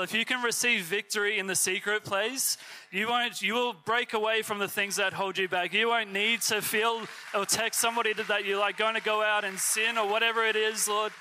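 Young man, sermon, earnest and casual, lots of fillers, high voice, very bright tone. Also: slight background noise, poor audio. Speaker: youth preacher.

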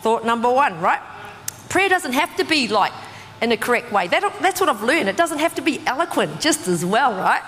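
A woman preaching a sermon in a conversational, animated way, full of casual fillers. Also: fairly high pitch, moderate pace. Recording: distant voice with long hall reverb.

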